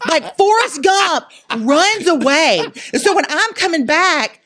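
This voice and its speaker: A woman guest on a podcast interview, telling lively, jokey stories and poking fun at herself. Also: high voice, slow, a crowd in the background. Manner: lively, jokey, self-mocking, acts out quotes. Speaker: entrepreneur guest. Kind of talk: animated storytelling in a podcast interview.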